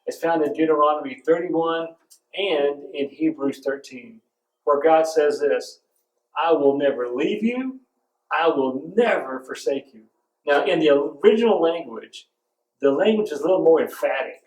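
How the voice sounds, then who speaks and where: A man preaching a sermon, telling stories and hammering home points with emphatic repetition. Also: on the high side. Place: church sanctuary. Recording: roomy echo, from a distance.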